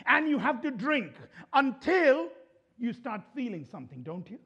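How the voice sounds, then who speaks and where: A man preaching a sermon to a church congregation, chatting and asking the crowd questions, then building to impassioned shouting. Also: very high voice, big pitch swings, normal speed, slightly rough, dull audio. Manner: conversational, asks the congregation questions.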